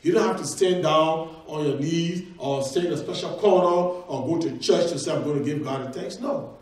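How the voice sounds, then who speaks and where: A man delivers a sermon in a slightly high voice, moving between a chatty tone and sudden acted-out exclamations. He is recorded from a distance in a church sanctuary with heavy, ringing echo. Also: normal speed, darkish tone. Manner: conversational preaching, acts out quoted exclamations. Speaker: preacher.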